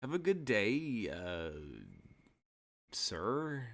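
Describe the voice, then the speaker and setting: A man's voice: medium pitch, big pitch swings, extremely slow, noisy background. A man doing a genial old priest. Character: friendly, genial older male priest.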